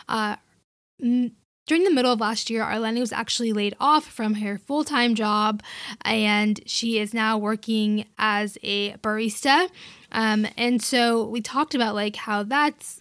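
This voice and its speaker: A woman's voice: fairly high pitch, no room sound, studio quality. A woman hosting her podcast, talking casually in an upbeat, chatty way with playful emphasis. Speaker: podcast host.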